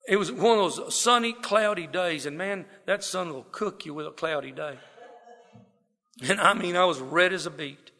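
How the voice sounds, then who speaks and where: A man from South Texas with a Southern drawl gives a personal testimony talk, rambling folksily through his life story with plenty of fillers. His voice sits high, pushed and bright, at normal speed, sounding like a large hall as he addresses a gathered audience in a wooden building.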